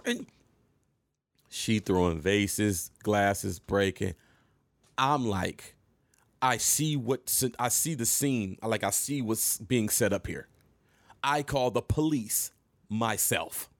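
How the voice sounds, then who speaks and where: A middle-aged man from Michigan telling a personal story in a casual monologue, animated and emphatic, acting out the scenes. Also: on the low side, a little slow, gravelly, no room sound.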